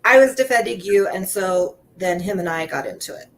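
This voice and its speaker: A woman's voice: mid-range voice, lively intonation, fairly quick. A woman joining a casual livestream as a guest, hesitant and full of fillers as she reads out a screenshot. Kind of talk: casual chat.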